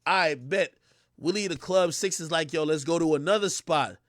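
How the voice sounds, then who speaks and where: A young man telling a story on his livestream, excitable and loud, acting out the voices he quotes. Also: a little high, moderate pace, no room sound, studio quality. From Jamaica. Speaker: streamer.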